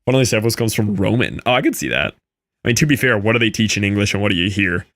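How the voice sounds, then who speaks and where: A man's voice: lowish voice, lively intonation, fast talker, a bit bright, no room sound. A young American man chatting casually while gaming, explaining things loosely with lots of "like"s. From United States. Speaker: gaming streamer.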